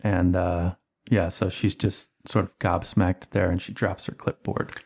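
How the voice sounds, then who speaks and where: A man narrating as game master of a tabletop horror game, relaxed and thinking aloud with fillers, over an online call. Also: sits low, measured pace, gravelly.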